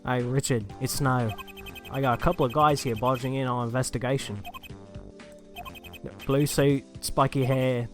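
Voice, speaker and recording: A man's voice: medium pitch, fairly even intonation, normal speed, pauses often, soft background music, natural voice. Brash blunt detective, Australian accent, sarcastic, rambling, as a man puts him on. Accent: put-on Australian.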